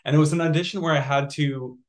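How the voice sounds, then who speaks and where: A man from Canada, an actor, chatting in an interview in a soft, hesitant way with many restarts. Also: on the high side, steady tone, quick pace. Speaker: actor guest. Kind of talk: casual interview chat.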